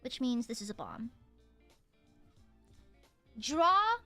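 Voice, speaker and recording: This young Southern woman laughs and teases while chatting casually on her game stream. She speaks in a high, expressive, sharp voice at an unhurried pace, with faint music behind her.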